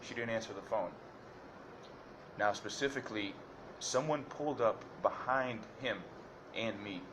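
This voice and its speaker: A low-voiced man speaks at length to a judge, walking through events in careful detail. He restarts sentences often and fills pauses as he goes. A faint hiss sits under the voice. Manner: detailed, repetitive, hesitant with fillers and restarts. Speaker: defendant addressing a judge. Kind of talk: courtroom testimony.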